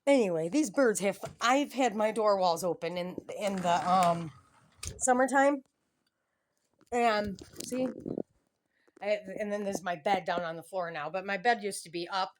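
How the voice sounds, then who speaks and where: A woman's voice: mid-range voice, measured pace, a little hiss or hum. Giggly rambling middle-aged woman vlogging at home. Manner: meandering, giggly, chatty with tangents. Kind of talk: casual rambling home vlog. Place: at home, indoors. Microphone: handheld phone camera filming the room, face off screen.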